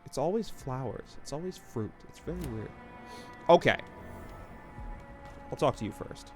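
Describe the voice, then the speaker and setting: A male streamer gives live commentary over a game, joking and rambling as he plays. His voice sits at a middling pitch for a man. Soft game music plays faintly behind him. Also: animated, normal speed. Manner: jokey, rambling, laughs at his own quips.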